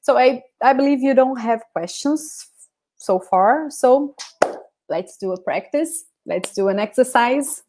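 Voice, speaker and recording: A woman's voice: a little high, animated, a little slow, background noise. A Brazilian woman with an accent teaching a live online language class, patiently explaining and often checking in with "okay?". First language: Portuguese. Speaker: Portuguese teacher.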